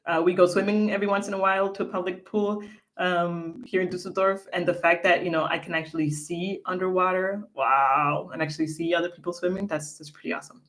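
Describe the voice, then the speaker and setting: A woman's voice: on the low side, fairly even intonation, brisk, fairly bright tone. Chatty woman co-hosting a livestream. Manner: chatty, reads viewer comments aloud. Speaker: livestream co-host. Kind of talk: casual livestream chat.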